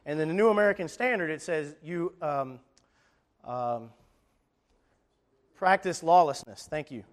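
Guy giving a sermon, kinda high voice, emphatic, reads verses in between. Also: unhurried, long pauses. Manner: emphatic, conversational with restarts and scripture readings. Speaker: preacher.

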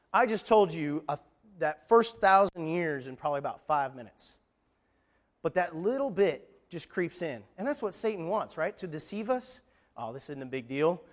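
A man preaching a sermon, talking in a conversational, emphatic way with frequent restarts and scripture readings. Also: on the high side.

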